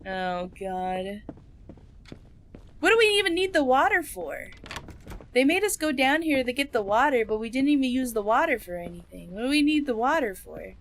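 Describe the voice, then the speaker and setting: A woman's voice: high-pitched, lively intonation, normal speed, slight background noise. A young woman streaming a horror game, chatting playfully with her viewers, humming along to the music and breaking into squeals. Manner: playful, hums and sings along, jumps to squeals. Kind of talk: casual live-stream chat. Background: faint game music.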